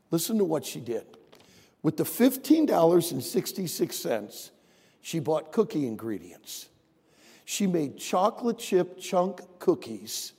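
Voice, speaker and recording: A man's voice: a little high, dark tone, husky, big-room sound. A man preaching a sermon as pastor, telling a story and then urging his congregation with rising emphasis. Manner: storytelling, swelling to emphatic exhortation.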